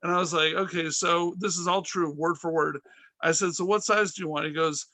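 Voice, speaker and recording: A man's voice: a little high, steady tone, brisk, bright, forceful tone, no room sound. A middle-aged man hosting a podcast, telling rambling comic anecdotes with restarts and acted-out quotes. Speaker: podcast host and stand-up comic. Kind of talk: casual comic storytelling.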